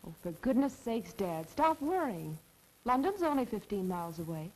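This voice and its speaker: An actress playing a spirited young woman reassuring her father, brisk and cheerful, in a 1930s film. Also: medium pitch, big pitch swings, a little mellow, low-quality recording.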